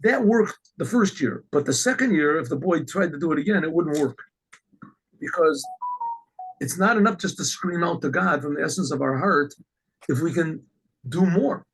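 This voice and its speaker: A man, a rabbi, telling a religious story in an animated way, often clearing his throat. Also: a little high, moderate pace, rough recording.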